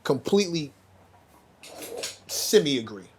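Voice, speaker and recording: A man co-hosting a podcast, putting a thoughtful question to a guest and letting his voice trail off softly. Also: fairly high pitch, big pitch swings, takes it slowly, slight background noise. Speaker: co-host. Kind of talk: podcast discussion.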